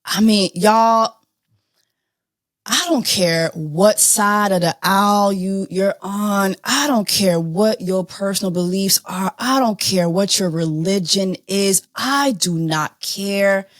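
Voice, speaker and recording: A woman hosting a podcast, talking through celebrity news in an animated, blunt, profane way. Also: mid-range voice, slow pace, no echo, studio quality. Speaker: podcast host. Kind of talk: casual celebrity news chat.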